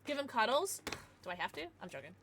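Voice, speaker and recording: A woman's voice: fairly high pitch, sing-song, fast, a bit bright, a little hiss or hum. A woman livestreaming, chatting casually with her viewers in a bubbly, giggly way with playful baby-talk asides.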